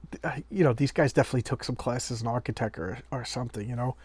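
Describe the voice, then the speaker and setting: A man casually paging through an old horror comic, talking with rambling enthusiasm and drifting into soft, quiet asides. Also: medium pitch, fast, slightly rough, dry recording. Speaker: comic collector reviewing an issue.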